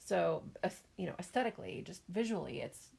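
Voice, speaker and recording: Gravelly-voiced middle-aged woman chatting. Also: on the low side, animated, a little fast, darkish tone. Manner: chatty, laughs often, self-mocking. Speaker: podcast co-host, mother. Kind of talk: casual chat.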